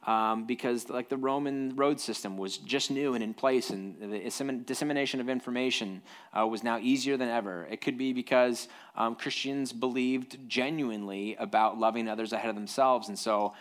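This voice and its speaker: A man preaching a relaxed, conversational sermon at a medium pitch. He mixes scripture reading with quick, animated asides and plain-spoken explanations. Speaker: pastor.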